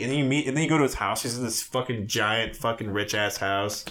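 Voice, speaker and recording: A male podcast co-host in loose, casual chat. He swears freely and rambles from one thought to the next, with a voice of ordinary pitch for a man. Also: brisk, hardly any pauses, fairly bright tone. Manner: rambling, profane, jumps between thoughts.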